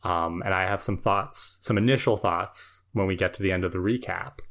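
Thoughtful podcast co-host, measured talk. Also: sits low, a bit bright. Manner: thoughtful, measured, uses fillers. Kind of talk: casual analytic chat.

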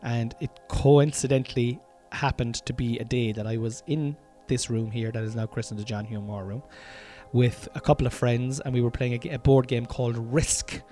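An Irish man talks through his podcast in a loose, meandering way, restarting sentences and dropping swear words as he goes. His pitch sits in the middle for a man. Faint music plays somewhere behind him. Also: fairly even intonation, moderate pace, dark tone. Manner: rambling, self-interrupting, sweary and chatty. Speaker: podcast host. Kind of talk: casual solo podcast monologue. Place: room at home.

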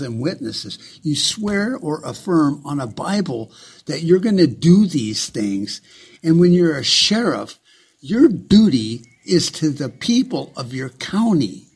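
A man delivering a heated, profane, sarcastic ranting monologue in a husky voice. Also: a little high.

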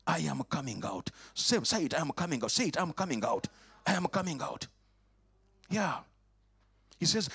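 Husky preacher man with lively swings. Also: a little high, moderate pace. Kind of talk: lively sermon. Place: church or worship hall.

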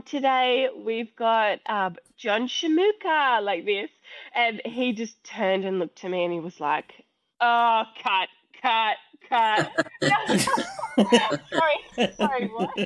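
A woman speaking as a podcast guest, reflective and halting, with many fillers. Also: medium pitch, dry recording, highs cut off. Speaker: podcast guest, academy owner. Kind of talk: casual conversation.

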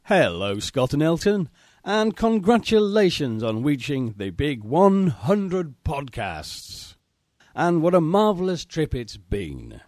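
A man delivers a prepared message in a measured, articulate way, his pitch sweeping widely from phrase to phrase. The recording is dry and close. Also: a little mellow, no room sound. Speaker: listener sending voice feedback.

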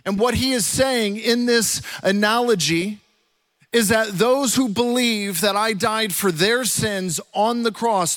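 A man pastor, delivering a conversational, animated sermon in a church. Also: sits high. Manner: animated, conversational preaching with rising bursts. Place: church auditorium.

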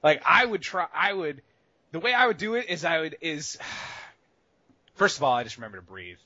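A man with a lively, forceful, bright voice chats casually on a podcast. He swings between loud, excitable bursts and quiet, muttered asides, and he swears freely. The sound is dry and slightly dull. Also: fairly high pitch, moderate pace, dry recording. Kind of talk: casual advice chat about gaming rage.

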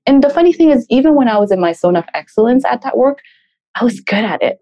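Mellow-voiced woman, reflective guest. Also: fairly high pitch, animated, fast talker. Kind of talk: reflective conversation.

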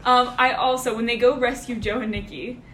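A woman's voice: a little high, fairly even intonation, a little fast, fairly bright tone, a little hiss or hum. A woman co-hosting a podcast, chatting casually and eagerly recapping scenes. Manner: chatty, retelling scenes enthusiastically. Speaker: podcast co-host. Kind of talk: casual chat. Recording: echoey room.

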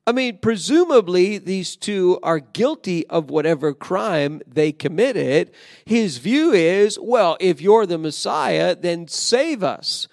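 A man's voice: high voice, expressive, takes it slowly, creaky, dry recording, clean studio sound. A man preaching a sermon in an earnest, emphatic way, often restarting his phrases. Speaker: pastor.

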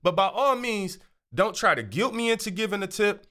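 A man hosting his own show, telling a casual, animated story and acting out the voices of people in it. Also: high-pitched, moderate pace. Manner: animated, acts out quoted voices. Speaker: show host.

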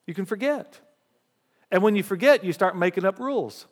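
With a long hall reverb around him, a high-pitched male pastor reads scripture at normal speed during a sermon. He builds emphasis as he goes and trades energetic call-and-response lines with the congregation.

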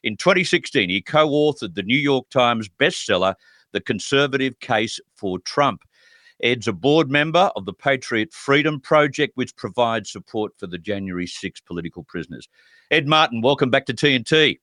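Indignant radio host, dry sound. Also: male voice, mid-range voice, animated, normal speed, fairly bright tone, dry recording. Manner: emphatic, indignant. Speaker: radio talk show host. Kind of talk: political talk radio.

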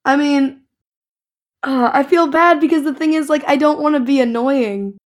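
A young woman player, hoarse from a cold, chatting in an apologetic, fretful way. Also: high voice, normal speed. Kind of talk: casual podcast chat.

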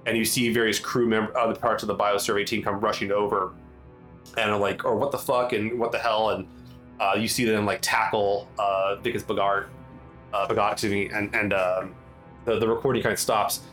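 A man running a tabletop role-playing game as game master, narrating in a halting way full of fillers and restarts. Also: lowish voice, flat delivery, a bit bright, faint music behind.

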